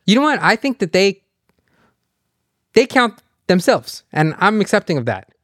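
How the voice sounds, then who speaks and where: A man's voice: sits high, sing-song, moderate pace, fairly bright tone, no room sound, studio quality. A man guesting on a podcast as a restaurant owner, talking loosely and profanely, often joking about himself. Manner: loose, profane, self-deprecating. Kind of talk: casual chat.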